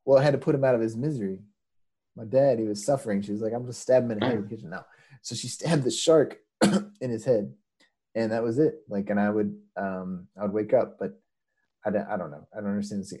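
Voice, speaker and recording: A man with a mellow, husky, low voice tells a story in casual chat. He rambles, restarts often and acts out what others said. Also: a little fast, low-quality recording. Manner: rambling, many fillers and restarts, acts out quotes.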